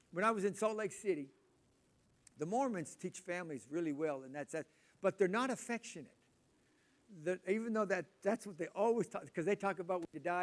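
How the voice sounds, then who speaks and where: An older man with a drawl preaches to his congregation in a loose, conversational way. He stumbles over and repeats his words, and he breaks off to ask the room questions. His voice sits a little higher than most men's. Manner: rambling, repeats words, chatty asides to the audience. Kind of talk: casual sermon talk.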